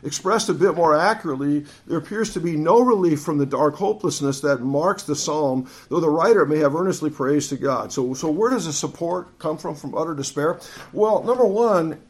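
A man delivers an earnest teaching sermon in a somewhat high-pitched voice. He reads verses aloud and often doubles back to restart his phrases as he explains them. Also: expressive, normal speed. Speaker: preacher. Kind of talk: expository sermon.

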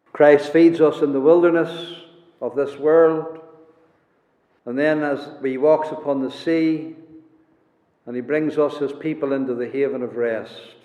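A man's voice: fairly high pitch, dark tone. A man preaching a sermon, emphatic and repeating his key words for weight. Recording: echoey hall, dull lo-fi sound.

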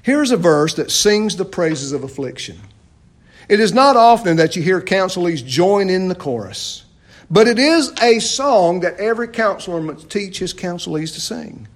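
A man preaching a sermon, asking rhetorical questions and often dropping suddenly to a quiet voice. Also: high voice, lively intonation, normal speed. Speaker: pastor.

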